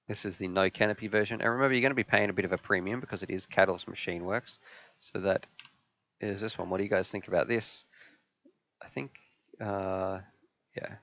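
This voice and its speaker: A man's voice: sits low, gravelly, fairly bright tone, lo-fi sound. A man hosting a casual live stream, answering viewer questions in an enthusiastic, chatty way.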